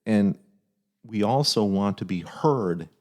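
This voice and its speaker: A man's voice: fairly low pitch, expressive, takes it slowly. A middle-aged man hosting a casual podcast, giving earnest dad advice and often repeating his phrases.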